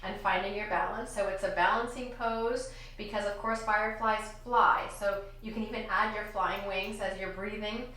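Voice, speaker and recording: A woman teaching a children's yoga class, giving gentle, encouraging cues in time with slow breaths. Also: medium pitch, steady tone. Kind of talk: guided kids yoga lesson. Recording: echoey room, distant from mic.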